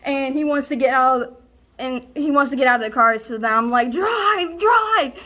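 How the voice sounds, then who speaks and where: A woman's voice: high-pitched, fairly even intonation, fairly quick, pushed and bright. A young woman performing a stage monologue as a rambling, boastful slacker student who tells a wild story with lots of fillers. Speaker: student actor. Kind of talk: stage monologue, self-recorded.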